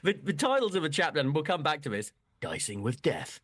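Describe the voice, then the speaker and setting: A man's voice: a little high, big pitch swings, brisk, a bit bright, dry recording. Jokey, swearing man on a podcast. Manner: jokey, swears freely, laughs often. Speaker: podcast co-host. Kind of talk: casual chat.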